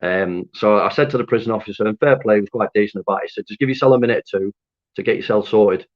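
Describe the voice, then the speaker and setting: Lively man telling a prison story. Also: fairly low pitch, fast talker. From Lancaster, North West England. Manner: animated, swears freely, laughs at himself. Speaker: interview guest. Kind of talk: candid storytelling. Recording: dull lo-fi audio.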